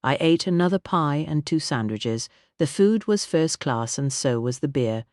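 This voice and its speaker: A man reading an audiobook in a measured, wry storytelling manner. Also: a little high, lively intonation, dry recording, clean studio sound. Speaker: audiobook narrator. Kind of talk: scripted narration.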